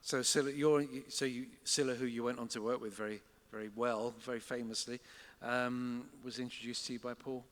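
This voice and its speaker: Male stage interviewer, bright, forceful tone, long hall reverb. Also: mid-range voice, flat delivery, moderate pace, few pauses. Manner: brief prompts and questions. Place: club stage before an audience.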